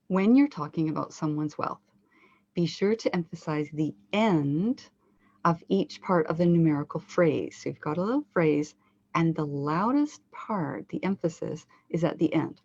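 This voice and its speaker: A woman coach giving a scripted webinar lesson on pronunciation, slowing down to stress numbers for clarity. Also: low-pitched, vocal fry, a little mellow, dry recording. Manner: slow deliberate stress on numbers for teaching. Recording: dull lo-fi dry recording.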